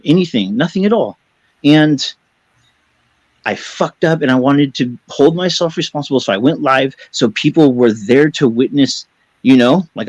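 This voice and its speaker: A man's voice: medium pitch, dry recording, muffled recording. A man talking as a caller on a live stream, agitated and defensive, swearing a lot and rambling as he justifies himself. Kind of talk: heated live-stream talk.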